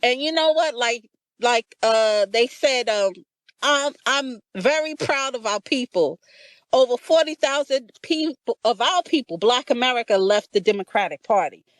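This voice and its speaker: A woman's voice: fairly high pitch, expressive, normal speed, no echo, rough recording. A woman speaking up in an audio chat room, starting hesitantly with fillers. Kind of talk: casual political chat.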